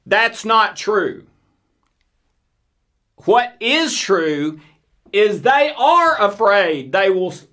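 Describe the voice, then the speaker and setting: A man's voice: high-pitched, a bit bright. A man giving an earnest faith-based teaching talk, posing rhetorical questions to his listeners. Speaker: Christian teacher.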